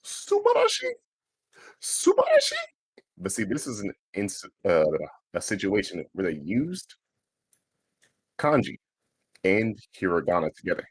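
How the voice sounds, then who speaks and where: Streamer guy: deep, husky, lively delivery, dry close sound, profane and loose. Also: unhurried, pauses often, dry recording. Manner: swears freely, sounds out foreign words. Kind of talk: casual livestream chat.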